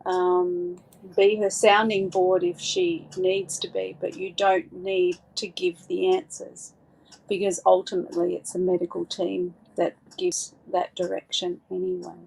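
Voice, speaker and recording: Slow, hesitant woman psychic. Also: lowish voice, level tone, gravelly, slightly rough. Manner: hesitant, many fillers and restarts; gentle, reassuring advice. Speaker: psychic giving readings. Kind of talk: live call-in psychic reading.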